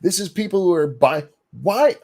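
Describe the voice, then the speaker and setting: A man's voice: high-pitched, animated, normal speed, darkish tone. A man co-hosting a casual political chat stream, ranting with profanity and sarcasm and reading chat comments aloud. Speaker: co-host.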